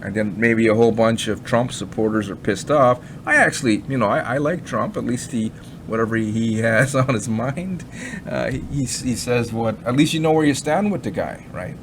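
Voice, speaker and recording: Man, casual commentary host, rambling and mocking, middle-pitched voice, light background noise. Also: animated, normal speed. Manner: rambling and chatty, with fillers and many asides; skeptical, mocking tone. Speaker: crypto commentary vlogger.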